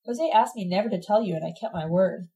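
A woman's voice: mid-range voice, a little fast, warm tone, close to an everyday voice. A woman voicing a sad, weary young man who speaks in a subdued, pleading way, in a read-aloud novel.

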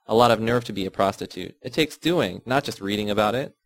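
A man reading aloud, voicing a sharp, sarcastic adult woman who is a wife and mother, with a cross, biting manner. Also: on the low side, fairly quick, no room sound, close to an everyday voice.

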